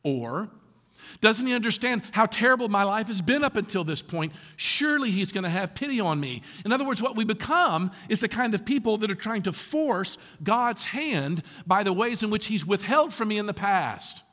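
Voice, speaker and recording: A man preaching a sermon to a congregation, animated and full of rhetorical questions, often laughing through his lines. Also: high-pitched, moderate pace, big-room sound. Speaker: pastor.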